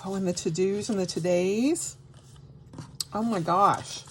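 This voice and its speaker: A woman vlogger unboxing mail in a casual chat, gushing and excitable with frequent gasps and exclamations. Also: medium pitch, takes it slowly, pauses often, slightly rough. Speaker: crafting vlogger.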